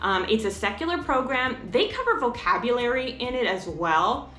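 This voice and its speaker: A woman's voice: on the high side, moderate pace, echoey room. A woman vlogger talking casually to camera in a chatty, rambling way about homeschooling. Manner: chatty, rambling, animated asides.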